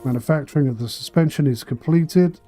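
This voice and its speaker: Man on a game stream, mellow voice, dry asides, slight throat tickle, faint music behind. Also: a little high, brisk. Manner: thinks aloud while playing, dry asides. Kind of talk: casual charity livestream commentary.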